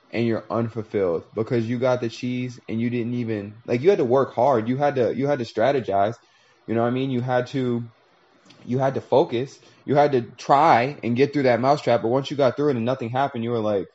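A man's voice: mid-range voice, darkish tone. Reflective man musing, lo-fi sound. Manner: reflective, profane, drawn-out storytelling with voiced asides. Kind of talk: casual monologue.

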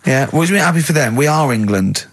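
Give me a male radio host in casual studio banter, with a somewhat high, husky voice that keeps turning to mocking teases. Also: animated, quick pace, no echo. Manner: teasing, laughs a lot.

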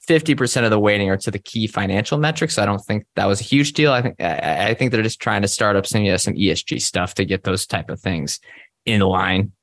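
A man co-hosting a casual podcast, talking in a measured, conversational way with frequent fillers. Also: fairly low pitch, a bit bright, no echo. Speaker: podcast co-host. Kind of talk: casual investing discussion.

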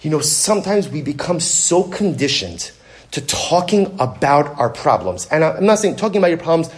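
Male Torah teacher, lively and emphatic, fairly high voice, builds with repetition. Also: normal speed. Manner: animated, emphatic, repeats phrases for stress. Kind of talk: Torah class lecture.

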